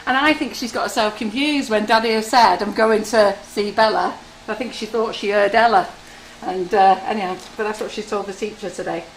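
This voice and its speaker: A woman's voice: mid-range voice, brisk, slight background noise. Chatty woman in a roomy kitchen. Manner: chatty, jokey storyteller who teases viewers. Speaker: baker demonstrating on a livestream. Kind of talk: chatty live baking demonstration. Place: home-style kitchen studio.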